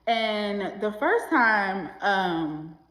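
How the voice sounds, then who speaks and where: Animated slangy woman in an echoey room. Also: mid-range voice, drawn-out words. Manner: animated and slangy, acts out quoted voices. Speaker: self-help vlogger. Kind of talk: casual motivational talk to camera.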